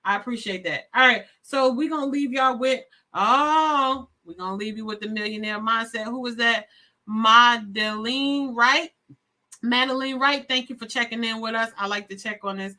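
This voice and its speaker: A chatty woman, hosting her live show and pouring out thanks to her viewers. Her voice is bright and sits a little high, and she sounds effusive throughout. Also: a little fast, hardly any pauses. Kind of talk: casual live-stream sign-off.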